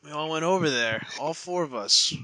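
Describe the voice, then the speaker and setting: A man's voice: on the high side, expressive, normal speed, bright, forceful tone. A man in casual podcast chat, telling rambling jokey stories. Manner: rambling, joking storyteller.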